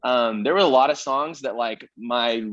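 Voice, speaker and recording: A man's voice: medium pitch, moderate pace, fairly bright tone, highs cut off, a little hiss or hum. A young man, a musician guest, chatting casually and joking about himself in a podcast interview. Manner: joking, self-deprecating, trails off with fillers.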